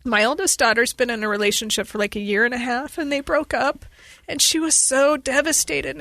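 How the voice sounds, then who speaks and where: A woman in her forties, a podcast guest, telling a painful family story in an earnest, urgent, fast-flowing way. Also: sits high, fairly even intonation, sharp tone, no room sound. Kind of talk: emotional personal interview.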